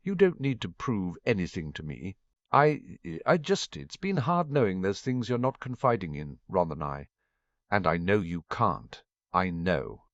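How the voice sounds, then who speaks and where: A man voicing an earnest, bookish teenage girl in a fan-fiction audiobook, talking in quick rushes. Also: sits low, very animated, dry recording, exaggerated voice. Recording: dull, muffled dry recording.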